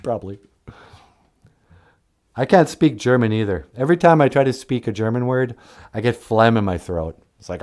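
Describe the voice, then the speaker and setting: A man's voice: mid-range voice, animated, moderate pace, pauses often, a little mellow. A man hosting a casual, joking language lesson, rambling and laughing at his own jokes. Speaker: host teaching Ojibwe words.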